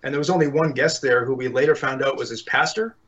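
A man's voice: mid-range voice, fast talker, fairly bright tone. A man, an actor, answers interview questions in a laid-back, self-deprecating way. His voice comes through dull and lo-fi. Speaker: actor, podcast guest. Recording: dull lo-fi sound.

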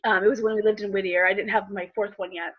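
A middle-aged woman, a life coach and healer, telling stories in an animated way with laughs, acting out the voices in them. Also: mid-range voice, quick pace, lo-fi sound. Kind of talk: casual storytelling in an interview.

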